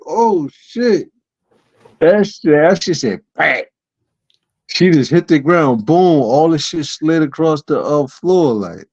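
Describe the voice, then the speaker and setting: A man casually telling a wild story as co-host of a chat show, acting out the people in it with sudden jumps in his voice. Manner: animated, acts out quoted voices with sudden pitch jumps. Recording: dull lo-fi audio.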